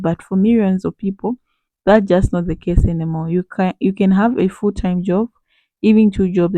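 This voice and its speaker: A woman's voice: on the low side, dark tone, no echo. A woman hosting her channel, giving an earnest, persuasive commentary straight to her viewers. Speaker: channel host. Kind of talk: commentary monologue.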